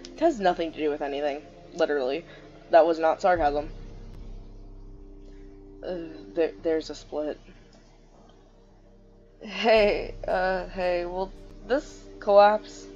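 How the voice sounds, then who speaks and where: A young woman gamer gives slow, unhurried commentary in a lowish voice, reading the game text aloud as she goes. Her tone is offhand. The recording is slightly muffled, with faint game music underneath. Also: a little mellow. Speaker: let's play gamer.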